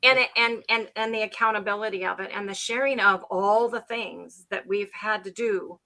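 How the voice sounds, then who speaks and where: A talkative woman tells her story as a livestream guest, circling back and restarting her sentences as she goes. Her voice is bright and ringing, and she sits at a middling pitch for a woman. It is a casual, animated chat. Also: normal speed. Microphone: livestream call.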